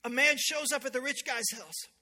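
A man preaching a sermon, telling a scripture story and building to loud, emphatic peaks. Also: extremely high pitch, normal speed. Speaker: pastor. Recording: long hall reverb.

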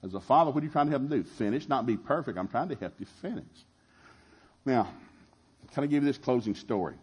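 A middle-aged man, preaching a sermon in a lively way and acting out the voices he quotes. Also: medium pitch, quick pace, slightly rough. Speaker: pastor.

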